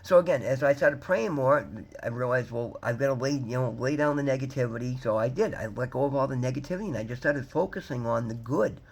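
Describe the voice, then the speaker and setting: A man's voice: mid-range voice, quick pace, vocal fry, hardly any pauses. A man in his fifties talking candidly to camera in a rambling, emphatic way, often calling his viewers guys. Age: 50s. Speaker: vlogger. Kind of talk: candid personal talk to camera.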